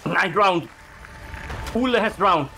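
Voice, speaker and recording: A man giving excitable, swearing let's-play commentary while he plays a game. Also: high voice, slow pace, vocal fry, background noise. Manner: excitable, swears, talks to himself. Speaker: gaming streamer.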